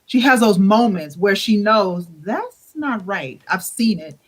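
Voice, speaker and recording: Sex: woman. Role: podcast guest. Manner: expressive, acts out quotes. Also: mid-range voice, unhurried. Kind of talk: casual chat.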